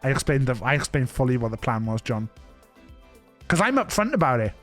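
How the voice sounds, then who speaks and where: A man's voice: mid-range voice, sing-song, fairly quick, soft background music. A male streamer telling rambling anecdotes in casual chat, laughing and breaking off his own sentences.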